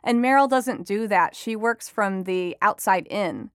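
A woman's voice: medium pitch, animated, unhurried, dry recording, studio quality. A woman who is an entertainment reporter and author, chatting as an interview guest, telling stories with animation and frequent laughter. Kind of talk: conversational interview.

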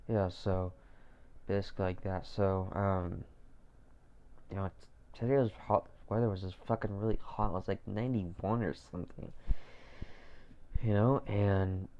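A man's voice: low voice, mellow. A young man hosting a solo podcast, rambling loosely with lots of swearing, fillers and repeats. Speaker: podcast host. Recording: dull lo-fi home recording.

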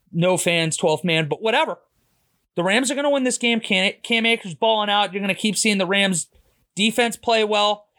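A Pittsburgh podcast host with a Pittsburgh accent gives blunt, opinionated football picks and swears freely in casual sports betting commentary. His voice sits high and a bit bright.

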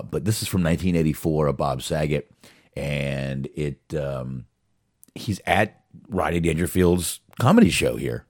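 Man, very deep voice, dry close sound, chatty clip commentary. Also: darkish tone, no room sound. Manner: chatty, filler-heavy narration. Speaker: host reacting to clips. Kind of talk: casual commentary.

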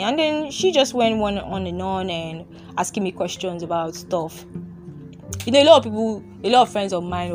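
A young woman hosts a casual faith podcast in an open, confessional way. She laughs easily and circles back to the same phrases. Faint music sits beneath her voice. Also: lowish voice. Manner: candid, laughs often, repeats phrases. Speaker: podcast host.

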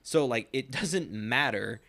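A young man in casual podcast chat, spinning out a long, loose anecdote at an ordinary middle pitch. His talk is full of "like" and casual swearing. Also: animated, slow pace, creaky, sharp tone. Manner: rambling anecdote, heavy use of "like", frequent swearing. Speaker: podcast co-host.

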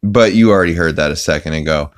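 A man's voice: a bass voice, quick pace. A man hosting a podcast, recapping an episode casually in a rambling way with many fillers. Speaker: podcast host.

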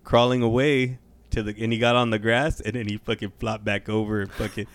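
A man's voice: fairly low pitch, little pitch movement, fairly quick, smooth, dry recording. A man co-hosting a podcast, telling a story in casual chat, swearing constantly, laughing often and calling his friend bro. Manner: profane, laughing, says bro a lot. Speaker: podcast co-host.

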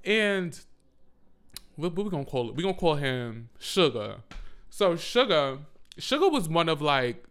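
A young man tells a rambling, profane story in a casual vlog style, cracking himself up as he goes. His voice sits a little high and sounds smooth and clear. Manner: profane, animated, laughs often. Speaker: storyteller, former after-school teacher.

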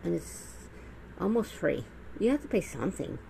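A woman's voice: medium pitch, sing-song, moderate pace, vocal fry, warm tone, a little hiss or hum, low-quality recording. A middle-aged woman talking straight to camera in a blunt, profane, rambling monologue full of restarts. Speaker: vlogger. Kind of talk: casual monologue.

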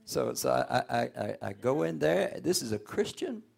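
A man preaching a sermon, often rising into loud outbursts. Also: medium pitch, sing-song, moderate pace, vocal fry. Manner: folksy, call-and-response preaching with sudden loud outbursts.

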